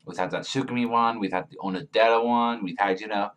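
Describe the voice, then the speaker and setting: A man's voice: lowish voice, fairly even intonation, quick pace, fairly bright tone. A man giving a casual, profane review, rambling with lots of fillers and swearing. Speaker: manga reviewer.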